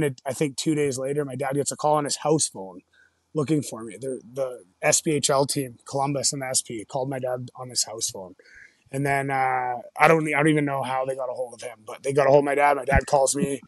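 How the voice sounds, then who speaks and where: A man's voice: medium pitch, fairly even intonation, quick pace, no room sound, studio quality. A middle-aged man, a former hockey player, telling road-trip stories in a rambling, casual way, full of "like" and "you know", swearing and then apologizing. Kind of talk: casual storytelling.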